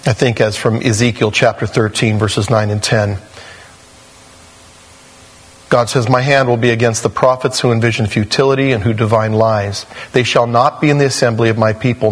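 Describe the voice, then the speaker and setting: A male pastor teaching through a Bible passage in a conversational way, acting out quoted voices with sudden jumps in pitch. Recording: long hall reverb.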